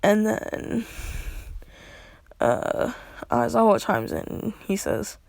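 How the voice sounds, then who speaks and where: A man's voice: high-pitched, sing-song, slow pace, creaky, darkish tone, no room sound. A man casually telling a rambling fan story, breaking off into side rants.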